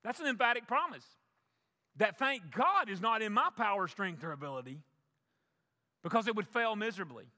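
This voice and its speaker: A man's voice: high voice, big pitch swings, moderate pace, pauses often, bright, forceful tone. A male pastor preaching a sermon, emphatic, repeating key phrases for the congregation. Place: church sanctuary. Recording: long church reverb.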